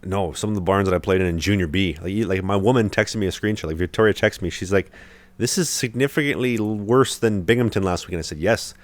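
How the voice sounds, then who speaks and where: A young man with a very low voice rattles through a podcast story at a quick clip, doubling back with fillers and restarts. He sounds close to the mic, with a dry, dead room around him. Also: no echo. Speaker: podcast host, hockey goalie. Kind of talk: casual podcast chat.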